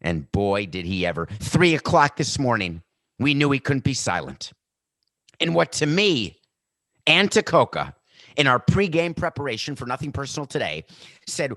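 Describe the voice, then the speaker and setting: A man's voice: mid-range voice, sing-song, moderate pace, a bit bright, no echo, clean studio sound. A man hosting a sports podcast, talking in a sarcastic, mocking way. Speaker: podcast host.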